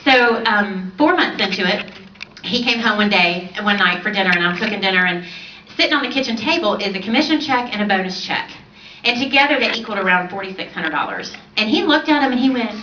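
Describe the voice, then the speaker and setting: A woman in her forties giving an animated personal testimony on a stage, laughing often as she tells her story. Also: fairly high pitch, a little fast, background noise. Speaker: speaker on stage. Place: large event hall on stage. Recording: roomy distant hall audio, dull.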